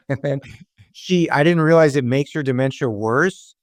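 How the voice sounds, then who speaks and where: A man's voice: medium pitch, moderate pace, dry recording. Young guy comic telling a story, swears a lot, laughs, dry close mic. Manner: loose, profane, laughing storyteller. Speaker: podcast guest, stand-up comedian. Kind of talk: casual storytelling chat.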